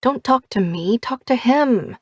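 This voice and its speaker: A woman reading as a bold, glamorous young woman who gives brisk directions in an audiobook. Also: a little high, animated, a little mellow, dry recording, clean studio sound, voice pushed up. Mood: urgent. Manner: brisk, commanding.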